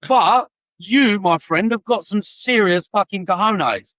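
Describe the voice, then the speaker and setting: A man with a London accent co-hosting a wrestling podcast, ranting and swearing excitedly in casual chat. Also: sits high, unhurried, no echo. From England. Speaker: podcast co-host.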